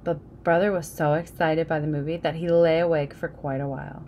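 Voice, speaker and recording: Female storybook reader, lower voice, relaxed page-by-page asides, faint hiss behind. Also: fairly quick. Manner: casual asides explaining the pictures. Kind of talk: reading a picture book aloud.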